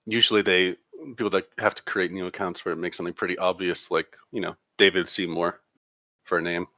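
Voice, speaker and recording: A man's voice: low voice, flat delivery, fairly quick, sharp tone, dry recording, muffled recording. A man moderating a Discord voice chat, talking in a laid-back, wry way. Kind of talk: casual voice chat.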